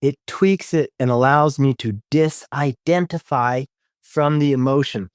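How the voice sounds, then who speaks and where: A man's voice: mid-range voice, unhurried, clean tone, no echo. Earnest, affirming man on a dry mic. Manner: earnest and affirming, repeats key phrases, swears casually. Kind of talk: casual spiritual recovery conversation.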